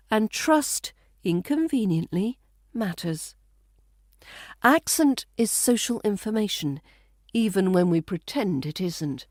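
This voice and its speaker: A woman with a British RP accent, hosting a scripted podcast lesson on accent training in a calm, measured, wry way. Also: medium pitch, no echo, clean studio sound. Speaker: accent coach and podcast host.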